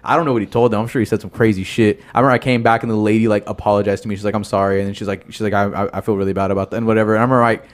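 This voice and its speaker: A young man on a podcast telling a childhood story in casual chat, profane and lively, acting out what others said. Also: fairly low pitch, very fast, few pauses. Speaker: podcast co-host. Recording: audio-only podcast.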